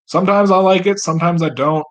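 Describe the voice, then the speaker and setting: A man's voice: high voice, steady tone, fast talker. A man at home, talking straight to camera in a rambling, profane, self-mocking monologue. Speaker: vlogger.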